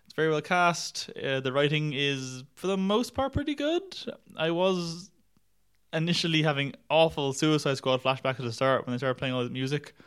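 A man's voice: on the high side, normal speed, a bit bright, clear, resonant tone. A man reviewing films in casual chat, rambling and wry, laughing at his own jokes and swearing now and then. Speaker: podcast film reviewer.

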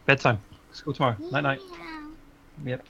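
A man's voice: mid-range voice, fairly quick, a bit bright, dull audio. A man co-hosting a podcast, playful and blunt in casual chat, swearing freely. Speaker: podcast co-host.

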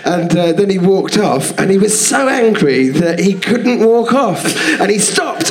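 A man's voice: sits high, animated, a little slow, few pauses. A male comedian telling a self-mocking story, rambling and laughing through it, as a guest on a live podcast. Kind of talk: comic anecdote on a live podcast. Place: theatre stage. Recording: echoey theatre stage.

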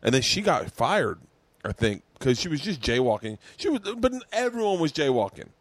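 A man's voice: medium pitch, big pitch swings, moderate pace, no room sound. A man hosting a podcast, telling stories in casual chat and acting out other people's lines as he goes. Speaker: podcast host.

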